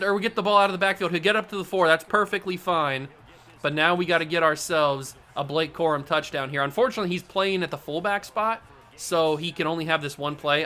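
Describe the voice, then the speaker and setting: A young man hosting a gaming channel, giving excitable play-by-play commentary on a football video game. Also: a little high. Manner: excitable play-by-play, gets loud on big plays.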